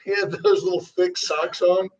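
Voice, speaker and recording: A man's voice: high voice, fairly even intonation, moderate pace. A man co-hosting a casual morning radio show, joking and dropping into comic voices. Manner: jokey, slips into comic voices. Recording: distant, dull lo-fi sound.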